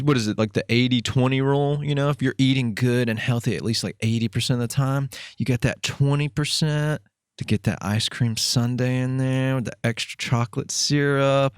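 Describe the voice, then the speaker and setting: A man's voice: mid-range voice, clean tone, dry recording. Joking male podcast host, dry sound. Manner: jokey and chatty, laughing at his own jokes. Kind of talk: casual interview.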